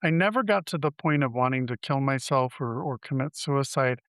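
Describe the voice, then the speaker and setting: A man in his fifties shares his life story as an interview guest, with a smooth, resonant voice at a middling pitch. He talks candidly, stopping and restarting as he works through his memories. The recording is dry and close, with no room sound. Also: lively intonation, a bit bright, no room sound. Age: 50s. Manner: candid, halting, with frequent restarts.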